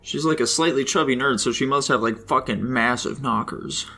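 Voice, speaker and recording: A man hosting a podcast with a bright, sharp tone. He steers the chat, teases the others and laughs easily at crude jokes. Faint music plays behind him. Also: mid-range voice, moderate pace, slightly rough. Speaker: podcast co-host. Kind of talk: casual podcast banter.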